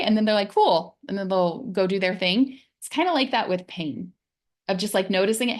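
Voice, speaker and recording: Gentle, encouraging woman wellness coach. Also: medium pitch, normal speed. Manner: gentle, encouraging, drops into soft soothing tones when modeling self-talk. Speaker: physical therapist and wellness coach. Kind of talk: casual wellness talk.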